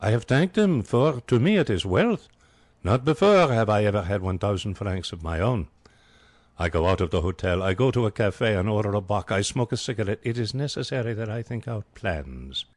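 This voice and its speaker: Brief: male narrator as a romantic young Frenchman, theatrical, broken English, lowish voice, dry studio sound. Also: lively intonation, normal speed, no echo. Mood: excitable. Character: excitable young Frenchman, romantic would-be artist. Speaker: audiobook narrator. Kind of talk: audiobook reading.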